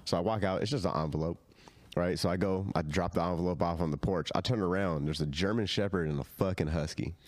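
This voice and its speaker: Man, low and lively, dry close sound; loose, swearing storyteller who acts out the voices. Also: fast talker, no echo. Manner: lively, laughing, acts out voices in his stories. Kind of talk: casual chat, swearing storytelling.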